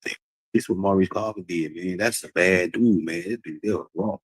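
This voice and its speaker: A lower-voiced man, rambling in a loose and preachy way to his livestream viewers. His pitch jumps around a lot as he repeats himself, laughing here and there, in a dry, close recording. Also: moderate pace, slightly rough, no room sound, low-quality recording. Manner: animated, repetitive, preachy, laughs often. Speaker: dog breeder talking to a stream audience. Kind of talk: casual livestream talk.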